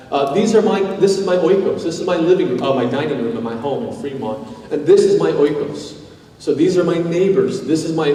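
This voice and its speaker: Male pastor, lively sermon storyteller, mellow voice, recorded at a distance in a reverberant hall. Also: fairly high pitch. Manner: animated, acts out scenarios in quoted voices. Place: church sanctuary. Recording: echoey church hall, mic heard from a distance.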